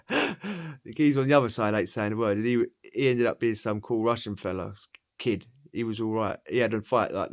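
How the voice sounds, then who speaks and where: A man from Essex with an Essex accent telling a story casually, full of slang, swearing and laughter. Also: lowish voice. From Essex, England. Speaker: podcast storyteller.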